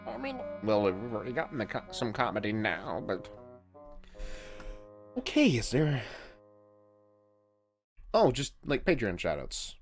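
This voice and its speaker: A man's voice: medium pitch, wildly swooping pitch, a little slow, long pauses, music in the background. A man hosting a reaction video, rambling casually in late-night commentary. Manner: rambling, chuckling, tired late-night talk.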